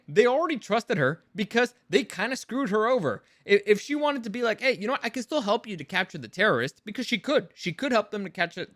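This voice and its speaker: A man rants through a review, sarcastic, exasperated, and swearing freely. His fairly high voice comes across bright and forceful in a close, dry recording.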